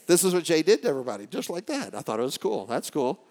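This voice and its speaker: A fairly high-voiced man gives a rousing keynote from a stage, jumping from quiet, confiding lines to shouted bursts. He keeps firing questions at the crowd and pushing for answers. The sound rings with the long reverb of a big hall. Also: sing-song, fast talker. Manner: dynamic, swings from hushed to shouting; rallies the crowd with call-and-response questions. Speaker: motivational speaker. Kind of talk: live keynote to an audience.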